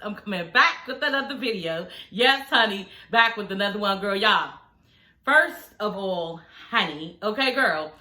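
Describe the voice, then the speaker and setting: A woman's voice: mid-range voice, animated, normal speed, few pauses, bright, forceful tone, reverberant. A woman vlogger recapping a reality show from home in casual, slangy chat, laughing often, her speech slightly slurred by new dental aligners.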